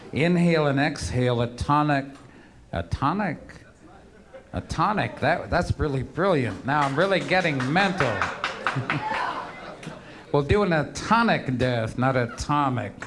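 A man telling rambling, profane stories to a live audience with a wry, offhand manner. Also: medium pitch. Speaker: storyteller performing for an audience. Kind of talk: live spoken storytelling.

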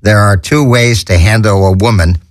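A man's voice: lowish voice, moderate pace, no echo, studio quality. A man hosting a comedy show, telling corny puns with stammers and chuckles at his own jokes. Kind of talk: corny stand-up patter.

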